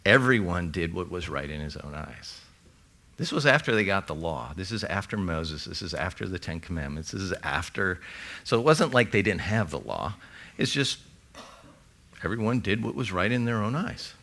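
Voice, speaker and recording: A man preaching a sermon as pastor, reading scripture aloud and adding quick conversational asides to the congregation. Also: low-pitched, lively intonation, fairly bright tone.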